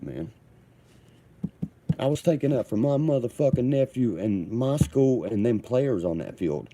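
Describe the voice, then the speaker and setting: A man's voice: mid-range voice, lively intonation, a little slow, mellow. A man telling a heated, profane story in a rambling, combative way. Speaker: vlogger.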